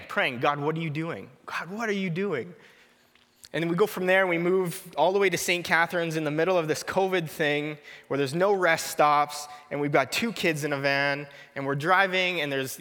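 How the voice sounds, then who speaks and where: A man's voice: fairly high pitch, sharp tone, long reverb tail. A man in his thirties preaching an earnest, personal sermon, often repeating a short prayer.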